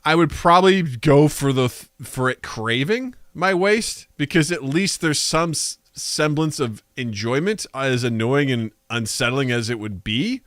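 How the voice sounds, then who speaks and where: A man's voice: medium pitch, measured pace, few pauses, no room sound, clean studio sound. A man co-hosting a comedy podcast, riffing animatedly and slipping into silly voices. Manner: animated, riffs with put-on voices. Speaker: podcast co-host.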